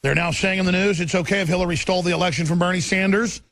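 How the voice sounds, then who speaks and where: Gravelly ranting radio host. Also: male voice, sits high, steady tone, very fast, a bit bright, slight background noise. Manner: intense, ranting, emphatic. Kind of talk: political commentary broadcast.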